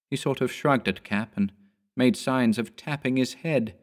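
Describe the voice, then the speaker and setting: A man narrating a horror story in a measured storytelling manner. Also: mid-range voice. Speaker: audiobook narrator.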